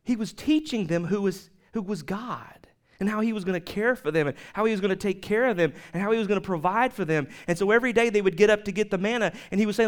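A man preaching a sermon in a conversational, animated storytelling way, with asides to the congregation. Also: sits high, quick pace. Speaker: pastor.

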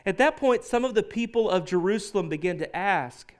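High-voiced man preaching a sermon. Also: animated, a little fast, hardly any pauses, clear, resonant tone. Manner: conversational storytelling with self-corrections. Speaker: pastor.

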